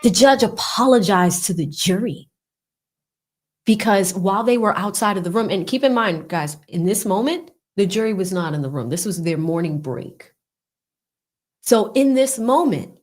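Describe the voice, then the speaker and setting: A woman hosting casual live commentary on a court trial, chatty and animated, with laughing asides. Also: mid-range voice, normal speed. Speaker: legal commentary host.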